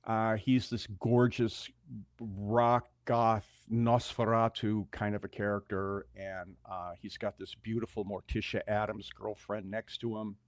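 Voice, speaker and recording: An older male musician telling an animated story in a radio interview and acting out the dialogue. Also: lowish voice, a little slow, dry recording, clean studio sound. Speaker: musician guest.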